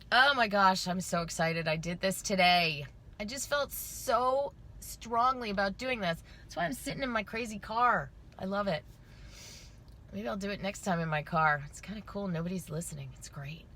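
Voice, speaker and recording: A woman's voice: mid-range voice, creaky, fairly bright tone, a little hiss or hum. A woman hosting an intuitive astrology live stream from inside her car, gushing and emotional, near tears at times, then leading a guided meditation.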